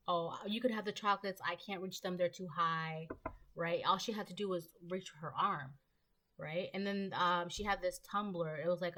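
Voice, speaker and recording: Rambling, slightly low-voiced tarot woman. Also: a bit bright. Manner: rambling and chatty, with frequent ums and casual swearing. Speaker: tarot reader. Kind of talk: casual collective tarot reading.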